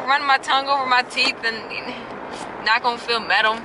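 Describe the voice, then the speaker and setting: Filming on a handheld camera from her car, a young adult woman chats expressively to her vlog audience at a moderate pace. Her voice sits fairly high with fairly even intonation, and the background is noisy.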